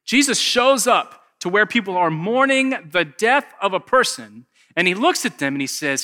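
A male pastor gives a casual, storytelling sermon. His voice is fairly high and bright, and he drops to near-whispers and rises to loud bursts. A long hall reverb trails every phrase. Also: very animated, moderate pace, few pauses. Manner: conversational, acts out characters, wide swings from loud to hushed.

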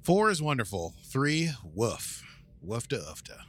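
A man's voice: mid-range voice, very animated, unhurried. A man co-hosting a podcast, chatting casually in a rambling, jokey way with lots of fillers. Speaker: podcast co-host. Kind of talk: casual chat.

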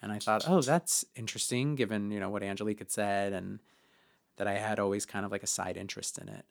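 Here a man co-hosting a podcast relates a personal anecdote at a quick clip, his creaky tone staying steady. The telling is conversational and filler-heavy, with quoted dialogue performed in raised voices.

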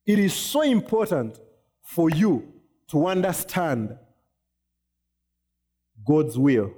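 Male pastor, sermon delivery, higher-than-usual pitch with mellow tone, checks in with listeners often. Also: big pitch swings, slow. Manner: preaching with wide swings in pitch, asking the congregation "you get it?".

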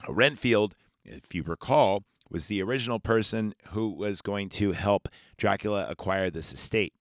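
Male podcast host, jokey and profane, lowish, dry close recording. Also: normal speed, no echo. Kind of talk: casual movie recap.

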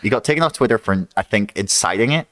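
A man's voice: lowish voice, animated, fast talker, a bit bright. A man co-hosting a casual chat, opinionated and rambling, swearing freely.

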